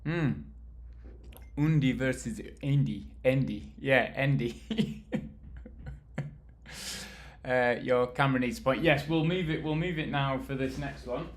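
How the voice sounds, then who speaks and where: A man's voice: medium pitch, measured pace, long pauses. A British man from the UK chatting casually with viewers on a live stream, rambling and laughing easily while he assembles furniture and moves around. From United Kingdom.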